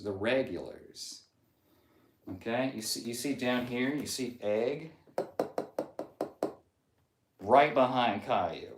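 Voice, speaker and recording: A man's voice: medium pitch, a little mellow, a little hiss or hum. A man live-streaming, reading chat comments aloud in a jokey, casual way and sometimes sliding into a mock Southern drawl.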